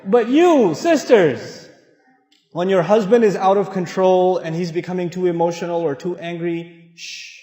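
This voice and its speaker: High-pitched guy preaching, jokey storytelling, long echo in a big hall. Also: normal speed, dull audio. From Pakistan. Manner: animated, humorous, acts out quoted voices. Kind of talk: storytelling sermon. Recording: echoey hall.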